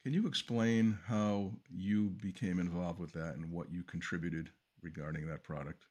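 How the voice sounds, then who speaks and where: Deep husky male interviewer. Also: steady tone, moderate pace, a little mellow. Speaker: podcast host. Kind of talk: interview questions.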